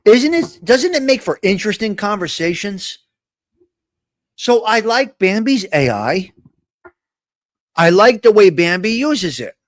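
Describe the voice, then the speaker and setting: A man's voice: high voice, very animated, a little slow, pauses often, no echo, clean studio sound. A man hosting a casual live stream, talking in a rambling, blunt way with mocking asides. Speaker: host of a live talk stream.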